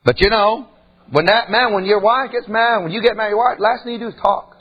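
A man preaching a sermon in a folksy, animated way, full of asides and questions to the congregation. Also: high-pitched, a little fast, breathy edge, highs cut off.

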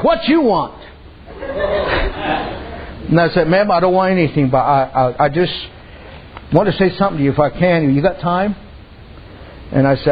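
A man preaching a sermon in a folksy storytelling way, often adding "amen" and "I said". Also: on the high side. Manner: folksy, repeats "amen" and "I said", uses dialect. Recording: dull lo-fi sound.

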